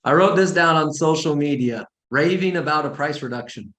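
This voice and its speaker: Blunt, animated man coaching in a roomy space. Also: on the high side, moderate pace. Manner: blunt, animated, sarcastic asides. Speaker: real estate coach. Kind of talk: informal training talk. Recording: roomy echo.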